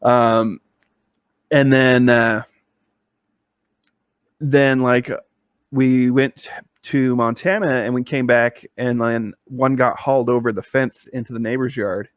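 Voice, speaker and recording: Man, podcast co-host, rambling story, middle pitch, dry close sound. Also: fairly even intonation, slow pace, long pauses, clean tone, no room sound. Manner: rambling, with many fillers and restarts. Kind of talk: casual storytelling chat.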